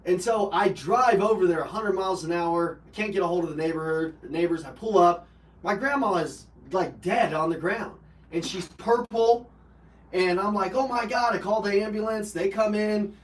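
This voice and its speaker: Heard from a distance in a roomy recording, a high-pitched man talks at normal speed. He's the host of a live personal development call, recounting an emotional personal story bluntly with swear words and fillers.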